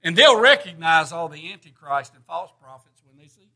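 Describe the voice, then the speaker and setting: A man's voice: on the high side, big pitch swings, fairly quick, gravelly, bright, forceful tone. A middle-aged man preaching a sermon, folksy and plainspoken, rising to emphatic bursts.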